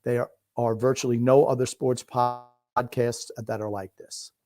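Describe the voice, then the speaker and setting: A man co-hosting a casual sports podcast, blunt, sarcastic and quick to swear, reading listener comments aloud. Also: mid-range voice, little pitch movement, warm tone. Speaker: podcast co-host.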